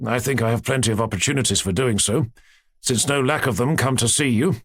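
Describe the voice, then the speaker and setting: A man voicing a stern, irritable aristocratic father who speaks gruffly and sarcastically. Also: mid-range voice, a little fast, no echo, clean studio sound, close to an everyday voice.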